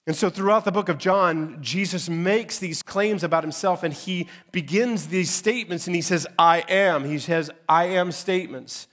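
A man's voice: high-pitched, a bit bright. Emphatic male pastor preaching. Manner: emphatic, dramatic pauses on key phrases. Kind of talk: sermon. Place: church sanctuary.

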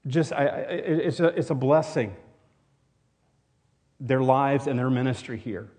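A man's voice: mid-range voice, a little slow, darkish tone, slightly rough. A man raised in Tennessee, preaching a sermon as pastor, earnest and rambling with many restarts. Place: church.

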